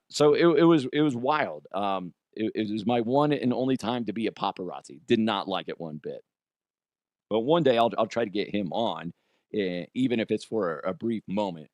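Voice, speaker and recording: A man's voice: mid-range voice, dry recording, clean studio sound. A man hosting his own podcast, telling stories in a rambling, joking way, laughing at himself and swearing freely. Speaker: podcast host. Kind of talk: casual solo podcast talk.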